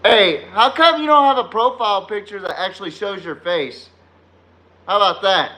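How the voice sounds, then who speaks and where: A man's voice: high voice, normal speed, pushed and bright. A man hosting a sports podcast stream, ranting heatedly with heavy profanity and trash-talking chat commenters, often laughing at his own jabs. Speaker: podcast host. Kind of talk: live-streamed sports rant.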